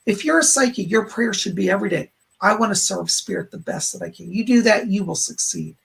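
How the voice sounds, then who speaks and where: On a live stream, a man works as a psychic medium, offering readings to viewers who donate and passing along spirit messages in a rambling fashion. His voice sits high and is fairly bright, the pace a little fast, and he is growing hoarse.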